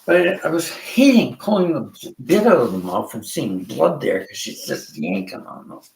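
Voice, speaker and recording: An older man from Canada telling rambling personal stories, animated, acting out the people he quotes. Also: medium pitch, moderate pace, gravelly, echoey room, a little hiss or hum, low-quality recording. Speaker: vlogger.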